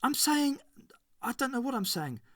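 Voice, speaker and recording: A man's voice: very high-pitched, very animated, normal speed, sharp tone, dry recording, studio quality, voice pushed up, exaggerated voice. Man voicing a brooding young woman. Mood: restless. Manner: muttering, pensive.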